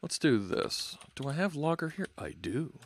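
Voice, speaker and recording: Chatty man live-coding, lively pitch. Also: moderate pace. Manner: thinks aloud while typing, chatty asides to viewers. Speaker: live coding stream host. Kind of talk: casual live coding narration.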